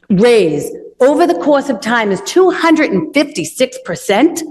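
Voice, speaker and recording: Emotional woman teacher in echoing chamber. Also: fairly high pitch. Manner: emotional, pleading, rhetorical questions. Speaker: teacher giving public comment. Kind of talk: impassioned public comment. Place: city council chamber. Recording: reverberant council chamber.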